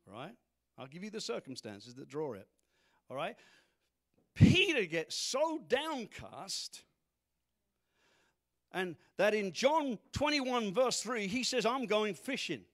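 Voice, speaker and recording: A man's voice: high voice, sing-song, slow pace, long pauses, a bit bright. A man preaching a sermon as pastor to a congregation, full of rhetorical questions. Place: church congregation.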